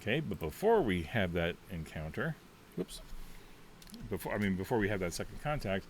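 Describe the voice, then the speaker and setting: Brief: deep-voiced man, chatty and rambling, narrating his solo tabletop play; faint hiss underneath. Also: sing-song, moderate pace. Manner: rambling, chatty, thinks out loud with many fillers. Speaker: solo tabletop game player. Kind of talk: casual thinking-aloud game walkthrough.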